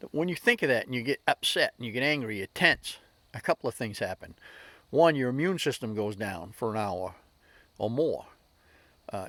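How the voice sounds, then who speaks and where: A man's voice: mid-range voice, no room sound. A man hosting a daily inspirational video, telling a story in a folksy, earnest way and often repeating words as he thinks. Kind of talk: casual motivational talk with storytelling.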